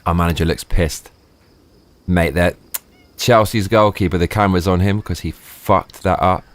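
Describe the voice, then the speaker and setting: A man live streaming, ranting and swearing in excited bursts. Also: low voice, moderate pace, dry recording. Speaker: livestreamer.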